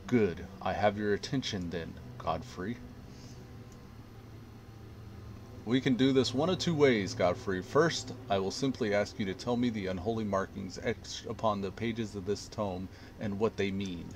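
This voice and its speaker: A man's voice: lowish voice, normal speed, hardly any pauses, slight background noise, natural voice. A man voicing a zealous male holy inquisitor, reading threats in a theatrical, menacing, sermon-like way. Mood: stern.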